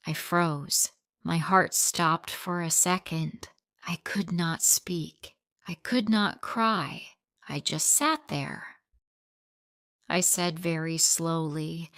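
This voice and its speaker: Female storyteller for English learners: very slow, simple sentences, a slightly low, smooth voice. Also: expressive, a bit bright, no room sound, clean studio sound. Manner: very simple, short sentences, read slowly. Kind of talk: first-person scripted narration for learners.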